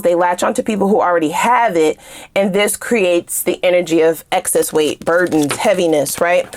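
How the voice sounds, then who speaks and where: Brief: woman tarot reader, casual and sassy, animated, talks straight to her viewers, swears freely. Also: fairly low pitch.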